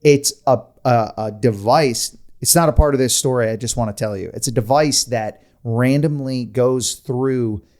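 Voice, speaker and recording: A man hosting a podcast, spinning a creepy tale in loose, conversational storytelling. His voice sits at an ordinary middle pitch. He laughs often and drifts into rambling asides. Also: normal speed, hardly any pauses, darkish tone. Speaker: podcast host. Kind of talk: casual storytelling chat.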